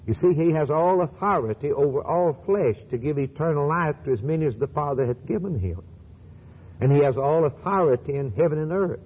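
A man's voice: mid-range voice, darkish tone, husky. A man preaching a sermon on a broadcast, emphatic, repeating phrases for stress and quoting scripture. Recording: lo-fi broadcast with long reverb.

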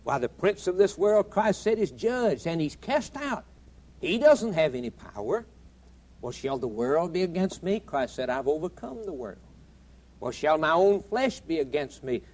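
A man's voice: fairly high pitch, big pitch swings, normal speed, a little mellow. A man preaching a sermon with a rising and falling, emphatic cadence. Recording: broadcast of a taped sermon.

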